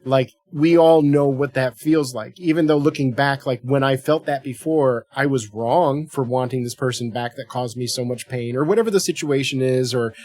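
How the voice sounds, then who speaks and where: A man co-hosting a podcast, chatting casually about a film in an animated, joking and profane way. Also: mid-range voice, normal speed, few pauses, no echo. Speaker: podcast co-host.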